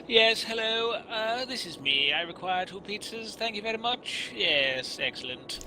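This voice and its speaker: A man putting on a pompous, overly formal posh English gentleman, full of old-fashioned phrasing. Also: high-pitched, animated, measured pace, background noise, voice pushed up.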